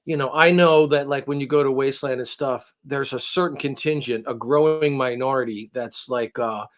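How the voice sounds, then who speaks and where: A man's voice: mid-range voice, lively intonation, brisk, hardly any pauses. A man co-hosting a casual podcast, rambling and hesitant, with many restarts. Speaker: podcast co-host. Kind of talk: casual chat.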